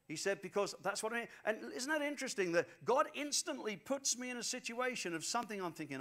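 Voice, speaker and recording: A man's voice: extremely high pitch, expressive, quick pace, hardly any pauses, a bit bright. A man preaching a sermon, telling stories animatedly and repeating phrases for emphasis. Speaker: pastor.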